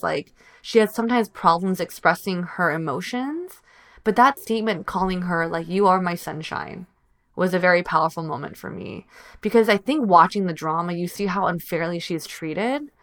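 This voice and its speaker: A woman's voice: on the low side, a bit bright. Chatty woman gushing over a drama. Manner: chatty, heartfelt, lots of filler words. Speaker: drama reviewer. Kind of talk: casual chat.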